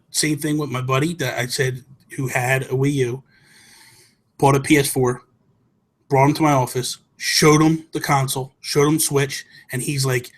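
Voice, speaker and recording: A man hosting a casual gaming chat show, telling stories in an excited, rambling way and often correcting himself. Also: on the high side, moderate pace. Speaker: podcast host.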